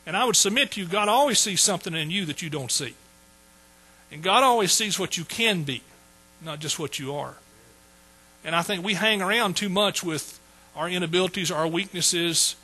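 A man's voice: sits high, bright, forceful tone, slightly rough, poor audio. A man preaching a sermon in a folksy, joking way. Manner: folksy, joking asides to the congregation. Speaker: pastor.

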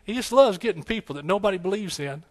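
Middle-aged male pastor, fairly high voice, emotional testimony sermon, hushed then loud. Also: animated, fast talker. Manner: emotional, tearful at times, swings between hushed and loud exclamations.

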